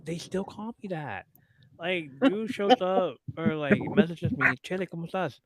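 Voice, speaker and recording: A man's voice: high-pitched, measured pace. A man co-hosting a podcast, telling a family story in casual chat and acting out his relatives. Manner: animated storytelling, acts out relatives. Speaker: podcast co-host.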